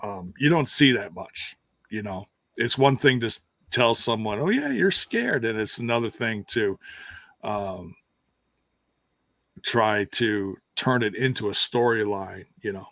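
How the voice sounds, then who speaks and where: A man's voice: on the low side, unhurried, fairly bright tone, dry recording. A man co-hosting a podcast, chatting casually and jokingly about wrestling. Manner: chatty, jokey, laughs often. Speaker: podcast co-host. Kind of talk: casual wrestling recap chat.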